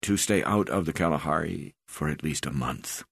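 A man voicing a cautious village doctor who speaks with a Swedish accent and gives slow, halting warnings. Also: extremely low pitch, creaky, fairly bright tone, slightly rough, no echo, full character voice. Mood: grave.

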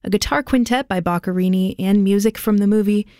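A woman's voice: medium pitch, fairly quick, a little mellow, no room sound, clean studio sound. Friendly woman classical radio host. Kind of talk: radio announcing. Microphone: studio microphone.

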